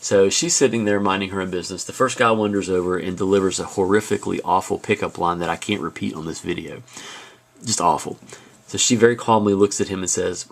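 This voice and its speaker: Low-voiced man giving a video lecture. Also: fast talker. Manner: conversational storytelling, frequent asides. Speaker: high school teacher.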